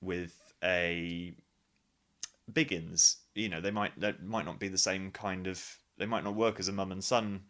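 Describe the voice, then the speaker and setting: A man talking in a fairly low voice with a bright, forceful edge. He chats freely as an interview guest, thinking aloud and often restarting his sentences. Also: fairly even intonation, a little slow. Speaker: guest, pantomime actor. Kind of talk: casual interview chat.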